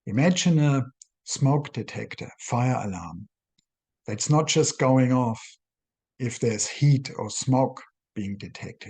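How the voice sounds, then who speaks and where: A middle-aged man, a clinical psychologist, explaining a concept to camera in measured, halting phrases, often restarting a thought. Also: medium pitch, darkish tone, slightly rough. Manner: measured, halting delivery in short phrases with self-corrections.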